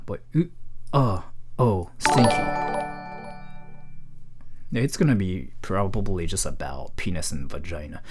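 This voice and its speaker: A man casually reading out donations on a live stream, rambling and joking in a playfully awkward way. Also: lowish voice.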